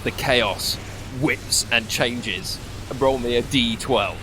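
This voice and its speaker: A man runs a tabletop game, narrating with easy laughter and casual swearing. His voice sits at a middle pitch and plays over light background music. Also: takes it slowly. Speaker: game master.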